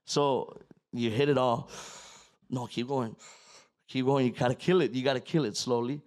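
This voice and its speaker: A man's voice: medium pitch, fairly even intonation, moderate pace, a little mellow. A man telling a long story on a podcast in a loose, profane way, slipping into Spanish. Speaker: podcast guest. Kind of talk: casual storytelling.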